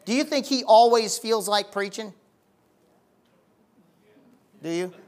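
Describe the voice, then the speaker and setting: Folksy preacher building to fervor. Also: male voice, high-pitched, takes it slowly. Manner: folksy preaching that swells from quiet talk to loud, emphatic fervor; colloquial, plain-spoken phrasing. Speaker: pastor. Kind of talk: sermon.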